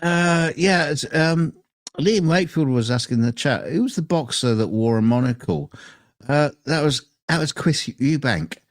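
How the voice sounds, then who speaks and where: A man's voice: on the high side, normal speed, no echo. A man co-hosting a casual chat, reading out viewer comments with an easygoing, hesitant manner. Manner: easygoing, dry, hesitant with fillers.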